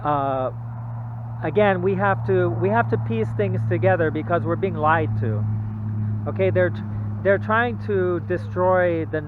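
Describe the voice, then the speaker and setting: A man giving an informal Bible talk, halting and repetitive, often checking in with the listener. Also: sits high, noisy background. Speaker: religious video presenter. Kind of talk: informal Bible teaching monologue. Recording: tinny phone-like audio.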